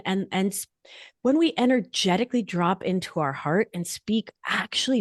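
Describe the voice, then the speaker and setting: A woman speaking as a podcast guest in an animated, emphatic way, using casual slang. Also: medium pitch, moderate pace, no echo, clean studio sound. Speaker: guest, nurse practitioner and author. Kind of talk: podcast interview talk.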